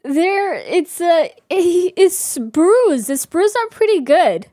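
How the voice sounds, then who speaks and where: A woman's voice: very high-pitched, sing-song, slow pace, warm tone, dry recording, studio quality. A woman in her thirties hosting a livestream from home, chatting casually and giggling as she answers her viewers. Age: 30s. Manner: chatty, giggly, reads chat aloud. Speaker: livestream host. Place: home room with reading chair.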